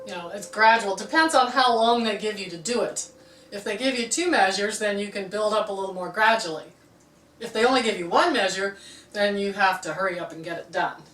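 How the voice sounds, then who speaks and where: A woman's voice: medium pitch, fairly quick, fairly bright tone, faint music behind. Woman, harp teacher, patient explaining, roomy echo, distant mic. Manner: patient, explanatory, says "okay" often. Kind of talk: music lesson.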